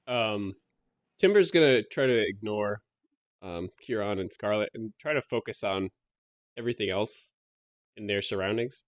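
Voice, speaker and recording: A man playing in a tabletop game, announcing what his character does in an animated way. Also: on the low side, normal speed, long pauses. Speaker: player. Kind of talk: casual tabletop game play.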